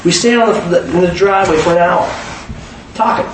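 A man telling a personal faith story in an animated way, often restarting his sentences. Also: high voice, a little fast, a little hiss or hum. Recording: echoey room, mic at a distance.

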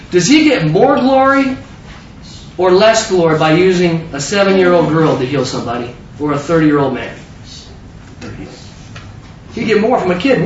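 A man preaching a sermon full of stories, animated and stumbling over repeated words. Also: sits high, a little hiss or hum. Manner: animated, self-interrupting with repeated words and laughs. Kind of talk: sermon with storytelling. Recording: distant roomy mic, slightly dull.

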